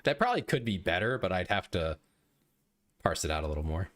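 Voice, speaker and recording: A young male streamer chats casually with his viewers, joking and running himself down. His voice is deep but moves around a lot in pitch. The talk is loose and friendly. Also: very animated, fairly quick, a bit bright. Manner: chatty, joking, self-deprecating. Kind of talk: casual live-stream chat.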